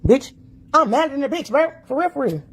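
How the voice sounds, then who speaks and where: A woman's voice: sits high, very animated, a little fast. A woman in a played video clip, ranting furiously with constant cursing and repeating herself in agitation. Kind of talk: furious profane rant.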